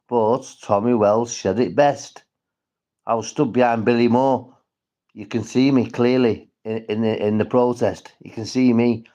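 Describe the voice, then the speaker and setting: A man's voice: medium pitch, fairly even intonation, a little slow, warm tone. A man from St Helens with a northwest English accent, rambling and swearing as he chats to viewers on a casual livestream. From St Helens, England.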